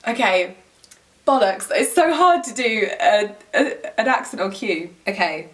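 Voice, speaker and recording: A young woman chats to camera in a giggly, rambling way and fills her sentences with "like". Her voice sits at an everyday pitch and sounds a little distant from the mic. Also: big pitch swings, measured pace, fairly bright tone. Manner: giggly, rambling, heavy use of "like". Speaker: lifestyle vlogger. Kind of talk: chatty storytelling to camera.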